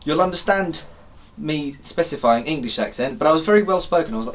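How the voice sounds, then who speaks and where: A young man vlogging, telling a story to camera in an animated, exasperated way and swearing casually. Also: on the high side, brisk.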